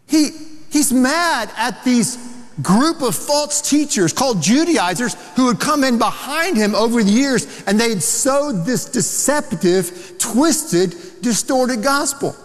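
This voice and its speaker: A man preaches to his congregation with emphatic, animated delivery, dropping quick asides between points. His voice sits high, and it rings out with the long reverb of a big church sanctuary. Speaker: pastor. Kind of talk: sermon.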